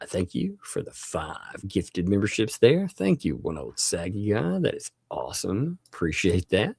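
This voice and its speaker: A man's voice: low-pitched, wildly swooping pitch, a little slow, creaky, few pauses, darkish tone, slightly rough, no room sound, studio quality. A man hosting a livestream, chatting casually, thanking viewers and laughing often. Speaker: livestream host.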